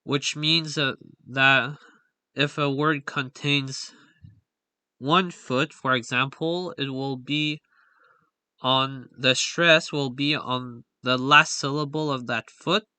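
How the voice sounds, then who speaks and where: A man's voice: mid-range voice, steady tone, takes it slowly, bright, forceful tone, no echo. A young man giving a slide-based linguistics lesson, talking in a hesitant way with frequent fillers and self-corrections. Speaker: linguistics explainer. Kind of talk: slide lecture voice-over.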